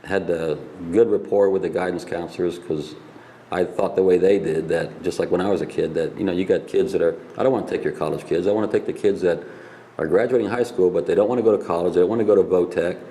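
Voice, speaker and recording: A man's voice: low voice, fairly even intonation, fast talker, mellow. An older man, a Navy veteran, telling rambling stories in a casual interview and laughing at his own pranks.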